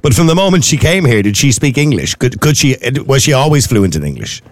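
A man's voice: mid-range voice, very animated, fairly quick, no echo. A man hosting a political interview, asking chatty questions and wandering off on tangents. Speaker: host.

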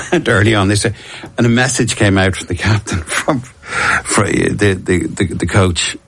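A man's voice: on the low side, measured pace, a bit bright, breathy edge. A middle-aged Dublin man telling stories as an interview guest, rambling and self-deprecating, often restarting his sentences. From Ireland. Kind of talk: casual storytelling interview.

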